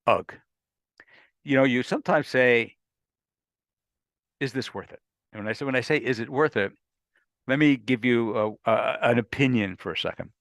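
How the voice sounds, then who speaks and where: A man's voice: medium pitch, normal speed, vocal fry, long pauses, a bit bright, dry recording, studio quality. A male lawyer explaining a new law in a conversational, emphatic way, with repetitions and folksy asides. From United States. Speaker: lawyer hosting a legal briefing.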